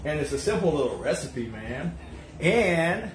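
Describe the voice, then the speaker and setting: Broadcasting live from his home kitchen, a cooking show host jokes around and chats with his audience, often wandering into drawn-out, playful asides. His mid-range voice swings widely in pitch. The room echoes, and music plays in the background.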